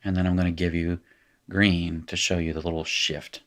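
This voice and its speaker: A man with a very low voice and an Appalachian accent from North Carolina talks through a recorded lesson. He explains at a relaxed pace, often correcting himself mid-sentence and checking in with "right?". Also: moderate pace. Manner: casual, self-correcting explainer who laughs at his slips. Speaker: teacher. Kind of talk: recorded lecture.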